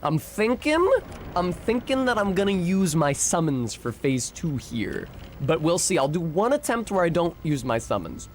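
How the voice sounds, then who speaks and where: A man's voice: fairly high pitch, big pitch swings, moderate pace, a little hiss or hum. A young American man streaming a game, chatting casually and swearing often while he answers his chat and rambles between fights. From United States.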